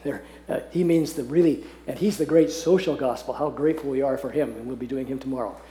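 A man teaching a Bible passage to a group, earnest and often laughing, slowing down to read verses aloud. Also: medium pitch, warm tone. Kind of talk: teaching talk on scripture. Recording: echoey room.

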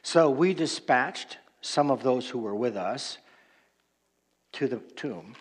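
A male pastor delivers a sermon at a slow, unhurried pace. His tone is conversational and reflective, with a mid-range voice. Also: medium pitch, animated, breathy edge. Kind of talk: expository sermon.

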